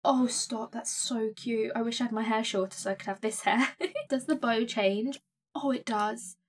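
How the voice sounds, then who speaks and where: A young woman gives casual, excitable commentary while playing a life-sim game, gasping and gushing as she goes. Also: on the high side, normal speed, slightly rough. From England. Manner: gushing, excitable, gasps often. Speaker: gaming streamer.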